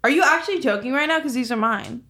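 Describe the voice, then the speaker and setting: A woman's voice: high voice, fast talker, pushed and bright. A young woman co-hosting a casual podcast, sarcastic and foul-mouthed as she chats. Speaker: podcast co-host.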